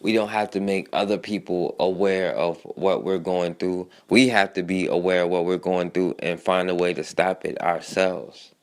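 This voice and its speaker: A man with a low voice hosts a talk radio show. He delivers his commentary in an earnest, steady, flat tone, addressing his listeners directly. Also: normal speed, few pauses.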